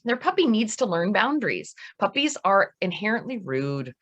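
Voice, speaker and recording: A middle-aged woman, a dog trainer giving a seminar lecture, lively and emphatic, speeding up when she gets going. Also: mid-range voice, dull audio. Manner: lively, emphatic, talks fast at times.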